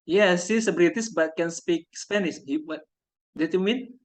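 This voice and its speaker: A man from Indonesia hosting a casual video call conversation, talking in a halting way as he searches for words. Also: high-pitched. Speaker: host.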